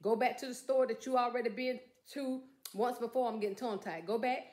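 Excitable woman chatting in an echoey room. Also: fairly high pitch, brisk. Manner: excitable, chatty, keeps calling to viewers. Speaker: shopping haul vlogger. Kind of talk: casual haul vlog chat. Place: room at home.

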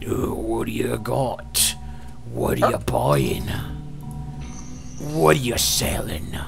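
A man putting on the voice of a gruff male weapons merchant, drawling and gravelly. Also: fairly low pitch, wildly swooping pitch, slow, pitched below the performer's own voice, exaggerated voice. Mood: gruff hawking. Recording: music playing behind.

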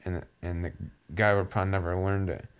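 A man's voice: sits low, little pitch movement, normal speed, smooth, close to an everyday voice. A man voicing a gloomy, sighing mock turtle telling of its school days. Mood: mournful. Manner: mournful, sighing. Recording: dull lo-fi recording.

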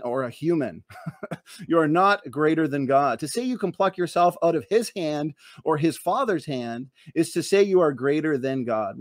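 A man's voice: fairly high pitch, dry recording, clean studio sound. A man giving a debate opening statement, emphatic and sarcastic, firing off rhetorical questions.

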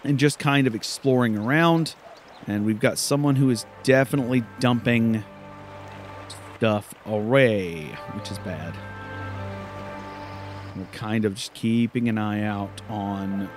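Brief: easygoing male gamer thinking aloud, mid-pitched, faint music under. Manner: rambling, self-correcting. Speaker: let's play host. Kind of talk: casual gameplay commentary.

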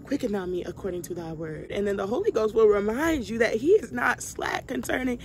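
A woman's voice: mid-range voice, expressive, a little fast, a little hiss or hum. A young woman vlogger leading a Bible study, speaking emphatically and heartfelt, repeating lines for stress and calling her viewers y'all. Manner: addresses viewers directly as y'all. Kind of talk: casual preaching to viewers.

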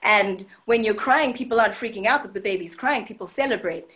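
A woman's voice: mid-range voice, a little fast, a bit bright. A woman with a South African accent, a guest on a video-call webinar, explaining her writing and reading her own poem with earnest emphasis. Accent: South African English. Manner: earnest, emphatic spoken-word delivery. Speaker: guest poet.

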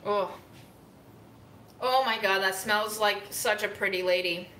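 A woman's voice: medium pitch, steady tone, a little slow, pushed and bright, far from the mic, a little hiss or hum. A woman co-hosting a home cooking vlog, chatting casually in a playful, effusive way and describing tastes and smells. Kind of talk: casual chat. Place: home kitchen. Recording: echoey kitchen, off-mic, clattering dishes.

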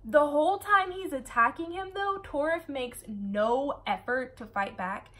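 A woman's voice: high-pitched, measured pace, fairly bright tone. Chatty sarcastic woman book reviewer. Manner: chatty, sarcastic asides, frequent laughter. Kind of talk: casual book review chat.

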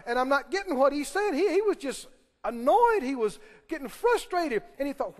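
A man's voice: very high voice, expressive, a little fast, darkish tone, long reverb tail. A man preaching a sermon, emphatic and firing questions at the congregation. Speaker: pastor.

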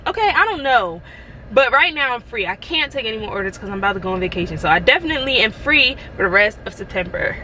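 Woman, casual vlog chat, says y'all a lot, laughs often, somewhat high voice, audible background noise. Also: very animated, quick pace, pushed and bright, rough recording. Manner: chatty, laughs often, addresses viewers as y'all. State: out of breath. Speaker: vlogger. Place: parked car outside a post office, then at home.

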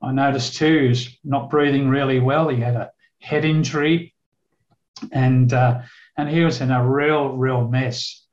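A man's voice: mid-range voice, steady tone, a little slow. Older man, sermon storytelling, roomy church echo, muffled. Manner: vivid storytelling, acts out dialogue in his telling. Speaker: guest preacher, retired police officer. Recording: echoey, dull church recording.

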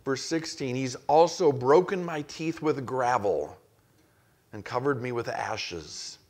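A man's voice: mid-range voice, slow pace, darkish tone. A male pastor preaching an expository sermon, acting out the quoted voices with rising intensity. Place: church.

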